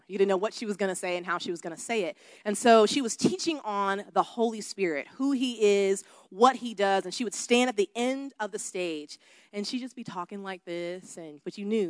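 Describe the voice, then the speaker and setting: A woman who is a worship leader preaching a sermon to a congregation, switching between soft talk and loud shouted emphasis. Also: a little high, dry recording. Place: church room with a congregation.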